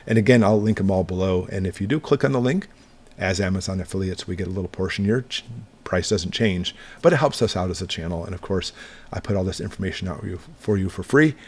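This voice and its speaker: A man's voice: low voice, quick pace, darkish tone, breathy edge. Plain-spoken man showing prepping gear. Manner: conversational, plain-spoken, reassuring. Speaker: prepping channel host. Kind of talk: casual product walkthrough.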